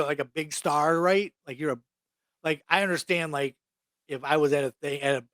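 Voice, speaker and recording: A man's voice: fairly high pitch, fairly bright tone, dry recording. A young adult man co-hosting a podcast, ranting bluntly and swearing freely in casual chat. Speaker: podcast co-host.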